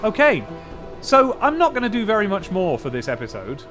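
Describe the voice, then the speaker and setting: A man's voice: high-pitched, huge pitch swings, fairly quick, music in the background. A man playing a role-playing game, reading its text aloud and thinking through his choices in a casual, musing way. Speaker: let's play host.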